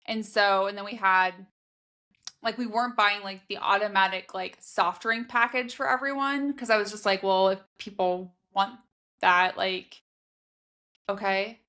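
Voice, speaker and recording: A woman's voice: mid-range voice, fairly even intonation, a little slow, sharp tone. A woman in her thirties co-hosting a podcast, chatting casually and telling personal stories with lots of "like.". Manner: chatty storyteller, frequent "like" fillers. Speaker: podcast co-host. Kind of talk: casual chat.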